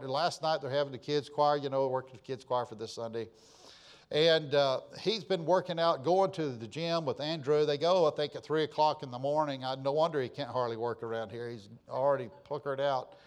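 A man preaching a folksy sermon, telling anecdotes with lively swings in pitch and loudness. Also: a little fast. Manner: animated storytelling, jumping in pitch and volume. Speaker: pastor.

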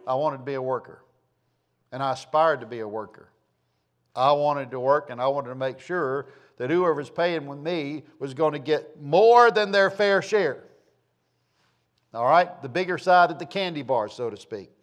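A man's voice: a little high, moderate pace. A man preaching a sermon, a folksy, rambling storyteller who repeats phrases for emphasis. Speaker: pastor.

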